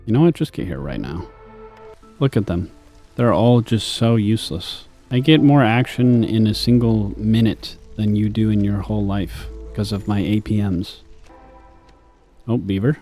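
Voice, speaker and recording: Deadpan young man rambling over gameplay. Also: lowish voice, moderate pace. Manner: deadpan, self-mocking asides. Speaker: gaming streamer. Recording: faint music behind.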